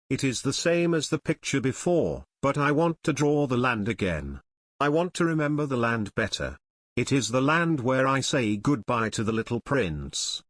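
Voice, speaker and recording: A man's voice: medium pitch, a bit bright, no echo. A man reading a storybook aloud in simple English, with short, plain sentences. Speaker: audiobook narrator.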